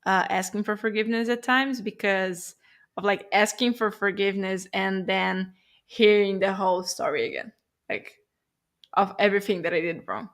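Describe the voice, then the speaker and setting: A woman co-hosting a casual, reflective podcast conversation, speaking hesitantly with many pauses and fillers. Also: mid-range voice. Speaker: podcast co-host.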